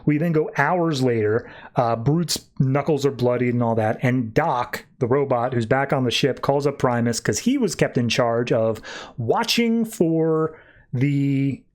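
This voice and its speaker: A man's voice: mid-range voice, unhurried. A man hosting a podcast, casually retelling a comic book story in a loose, conversational way. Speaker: podcast host.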